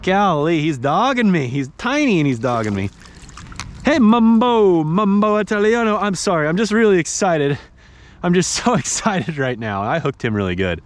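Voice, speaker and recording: A young man narrating his fishing trip outdoors on a river, tired from paddling, bursting into excited exclamations and talking to the fish. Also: on the high side, moderate pace. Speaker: fishing vlogger. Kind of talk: casual narration while fishing. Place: outdoors on a river, in a kayak and wading.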